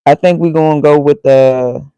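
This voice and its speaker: Gravelly man muttering to himself. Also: on the high side, fairly even intonation, moderate pace, mellow, no room sound, muffled recording. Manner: muttering, reads aloud and reacts to himself. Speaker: vlogger. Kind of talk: casual thinking aloud while reading.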